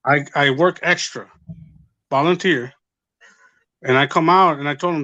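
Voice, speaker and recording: Bright-voiced man, rambling casual chat. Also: fairly high pitch, unhurried, long pauses, dry recording, highs cut off. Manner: rambling, profane, retells quotes. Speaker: podcast guest.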